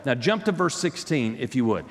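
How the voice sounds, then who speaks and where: A man's voice: medium pitch, very animated, moderate pace. Guy preaching a sermon, stumbles and repeats words, big echoey hall. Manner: emphatic, repeats words, stutters into restarts. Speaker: pastor. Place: church sanctuary. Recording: long hall reverb.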